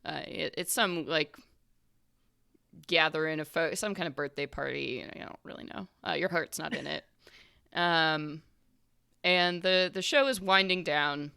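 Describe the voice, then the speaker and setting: Woman running a tabletop game, low voice with a lot of fry, rambly with tons of ums. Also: unhurried, bright, forceful tone. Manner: loose and rambling, full of fillers. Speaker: game master.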